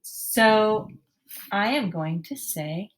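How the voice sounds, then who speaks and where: A woman teaching a writing lesson to young children, speaking slowly and clearly and sounding out each word with encouragement. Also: lowish voice, animated, slight background noise.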